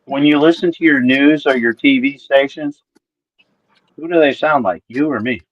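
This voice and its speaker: A man's voice: medium pitch, moderate pace, dry recording. Teasing northern man, dull dry sound. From northern United States. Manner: teasing, needling. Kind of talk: casual podcast banter.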